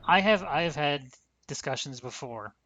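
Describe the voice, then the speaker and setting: Bright-voiced, blunt podcast host man. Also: a little high, expressive, moderate pace, no echo, muffled recording. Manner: blunt, profane, rambling. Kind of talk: casual podcast chat.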